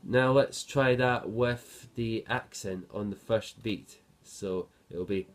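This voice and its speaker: Low-voiced man teaching guitar. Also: takes it slowly. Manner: patient, counts beats aloud while playing. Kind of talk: spoken guitar lesson. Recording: loud guitar playing over the voice.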